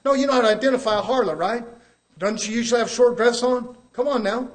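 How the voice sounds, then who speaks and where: A male preacher, delivering a church sermon in a folksy, emphatic way, chuckling and dropping to a low hush. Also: fast talker.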